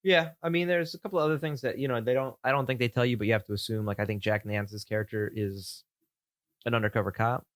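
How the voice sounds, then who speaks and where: A man's voice: mid-range voice, steady tone, fast, fairly bright tone, no echo, studio quality. A man co-hosting a casual film podcast, thinking aloud with restarts and easy laughter. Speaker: podcast co-host.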